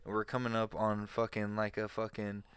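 A man's voice: on the low side, monotone, a little fast, fairly bright tone, smooth. A man co-hosting a podcast, telling a rambling story with a lot of swearing. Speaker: podcast co-host. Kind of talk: casual chat.

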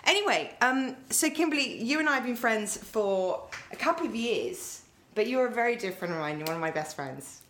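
A woman's voice: mid-range voice, animated, brisk, a little hiss or hum. A middle-aged English woman hosting a podcast, chatting playfully with a friend, rambling and laughing often. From England. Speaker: podcast host. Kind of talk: casual chat. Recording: echoey room.

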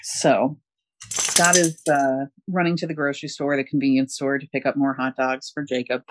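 A man's voice: mid-range voice, level tone, normal speed, background noise. A man casually recapping a story, rambling with many fillers and chuckles. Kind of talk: casual comic book recap.

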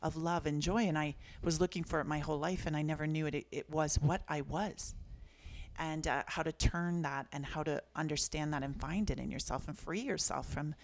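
Reflective woman with a creaky voice. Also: sits low, steady tone, a little fast. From Canada. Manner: earnest, reflective, soft-spoken. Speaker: guest, author. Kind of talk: personal storytelling in conversation.

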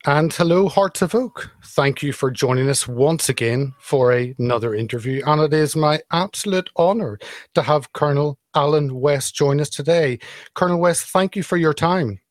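A man hosting a podcast interview, asking polite, slightly halting questions with "um" fillers. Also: a little high, no echo. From United Kingdom. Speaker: podcast host.

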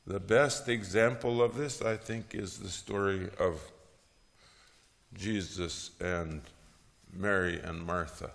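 A man teaching about preaching, who tells Bible stories in a lively way with frequent "huh?" asides and chuckles. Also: sits low, slow, vocal fry, long reverb tail.

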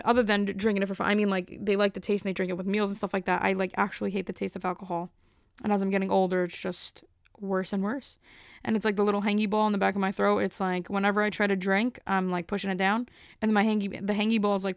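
A woman's voice: medium pitch, creaky, dry recording, clean studio sound. A young woman hosting a podcast alone, telling a rambling casual story full of fillers. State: a bit out of breath. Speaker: podcast host. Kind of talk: casual solo podcast chat.

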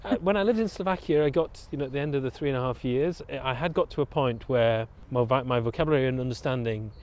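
A middle-aged man with a Bolton accent talks in a casual interview. His voice sits at an ordinary pitch, and he often restarts and corrects himself as he thinks aloud. The tone is relaxed and conversational. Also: quick pace. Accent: Bolton, northern English. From Bolton, England. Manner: thoughtful, with frequent restarts and self-corrections. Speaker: interview guest.

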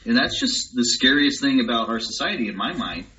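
A man shares his views in a casual conversation, reflective and agreeable, padding his sentences with fillers. His voice is bright. The recording sounds dull and lo-fi. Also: mid-range voice, big pitch swings, a little fast.

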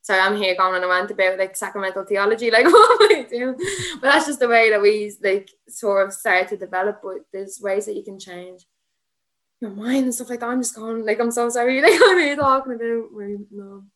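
A woman's voice: mid-range voice, a little fast, a bit bright. A woman in her twenties with an Irish accent, chatting in a rambling way and filling her talk with "like", as a podcast guest. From Ireland. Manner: chatty and rambling, heavy use of "like", frequent laughter. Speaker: guest, MMA fighter and student teacher. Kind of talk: casual podcast chat.

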